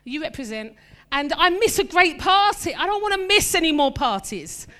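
A woman preaching a sermon in a lively, conversational way, mixing scripture with humorous personal asides. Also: very high-pitched, normal speed.

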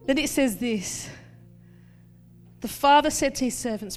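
A woman preaching a sermon in a lively, conversational way, mixing scripture with humorous personal asides. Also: high-pitched, takes it slowly, faint music behind.

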